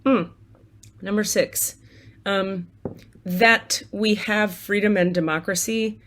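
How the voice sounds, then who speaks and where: A woman's voice: medium pitch, steady tone, slow pace, a bit bright. A woman talking casually to her viewers from home, candid and chatty, swearing freely and laughing often as she leads a gratitude list. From United States. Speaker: spiritual coach and tarot reader. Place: apartment at home.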